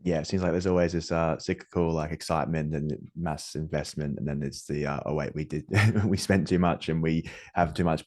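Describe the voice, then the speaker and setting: A man's voice: extremely low pitch, steady tone, brisk, a little mellow. A man hosting a podcast interview, asking his questions in hesitant, rambling phrasing. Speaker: podcast host.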